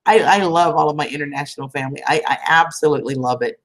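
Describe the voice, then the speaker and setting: A woman with a drawl hosts a relaxed livestream, greeting her viewers one by one. Her voice sits a little low for a woman, and she stays chatty and affectionate, calling people sweetheart and hon. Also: fast talker. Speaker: livestream host. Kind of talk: casual livestream chat with viewers.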